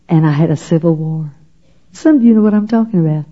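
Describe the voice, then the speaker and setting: A woman's voice: sits low, brisk, dark tone. An older woman telling her personal testimony to an audience in a folksy, storytelling way. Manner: folksy storyteller, often asks "you know what?". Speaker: speaker giving her testimony. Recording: dull lo-fi recording.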